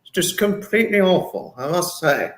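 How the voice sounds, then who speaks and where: This man's voice sits high and is a bit bright, swinging widely in pitch at a moderate pace. Hosting a casual livestream from an echoey room, he reads viewer comments with emotion, repeating and drawing out words.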